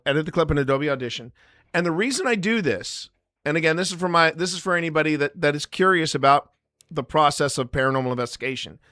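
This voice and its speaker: A man's voice: on the high side, pushed and bright, no room sound, studio quality. A man hosting a live stream, explaining his editing method in a rambling, jokey way and talking straight to the chat. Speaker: paranormal investigator and live stream host.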